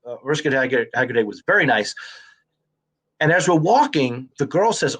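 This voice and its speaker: A man's voice: mid-range voice, normal speed, husky. A man, an actor and comedian telling stories in a casual conversation and acting out the dialogue. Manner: animated storyteller who acts out quoted dialogue.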